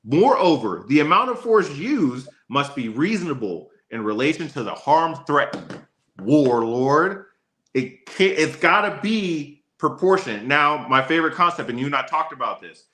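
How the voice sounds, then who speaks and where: Male attorney, casual lesson host, bright tone, echoey room. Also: a little high. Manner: casual, chatty, addresses his co-host by name often. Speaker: attorney teaching law. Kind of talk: casual livestream law lesson.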